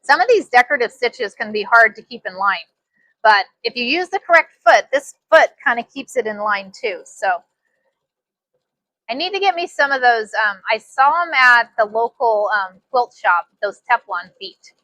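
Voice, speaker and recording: A woman giving a casual sewing machine demonstration, chatty and excitable, repeating her phrases as she works. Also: a little high, moderate pace, no echo. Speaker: sewing instructor.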